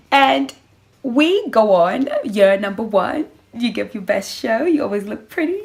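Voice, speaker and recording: A woman vlogger chatting casually to camera about relationships, animated and sassy, acting out little scenes and calling her listeners girl. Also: sits high, normal speed, gravelly. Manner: animated, acts out little scenes with playful voices. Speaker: vlogger giving relationship advice.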